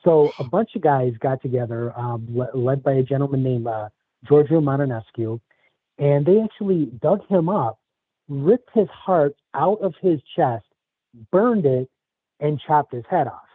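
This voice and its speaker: A man speaking as a podcast guest over a video call, telling folklore stories in a measured, hesitant way. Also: medium pitch, animated, no room sound. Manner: measured, hesitant, lots of fillers. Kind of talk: casual interview, storytelling. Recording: phone-like narrow audio.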